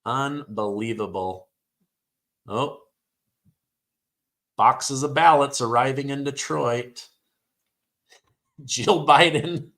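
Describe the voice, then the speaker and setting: A man hosting a live stream, reading headlines aloud and reacting with excitement, his throat sore from hours of talking. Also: medium pitch, slow, pauses often. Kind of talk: live election-night commentary.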